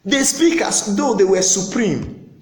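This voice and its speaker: A male pastor preaches with a high, lively voice that swings widely in pitch. He hammers points home by repeating phrases and acting out the speech of others. The sound carries the ring of a reverberant room. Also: a little slow. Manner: emphatic preaching with repeated phrases and acted-out quotes. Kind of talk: sermon.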